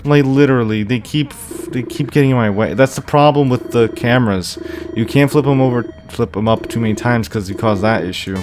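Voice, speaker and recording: A young man at a middle pitch talks through a horror game out loud. He mutters, groans and bursts out at each mistake. A faint hiss of noise sits behind his voice. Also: a little fast. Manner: frustrated, talks to himself, exclaims and groans. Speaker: gameplay commentator. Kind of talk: let's play commentary.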